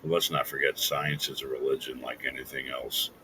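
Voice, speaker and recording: A man with an extremely deep voice speaks as a guest on a political talk show. He insists on his points, listing them one by one. Noise sits under the recording. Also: level tone, a little fast, pushed and bright, low-quality recording. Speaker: guest commentator.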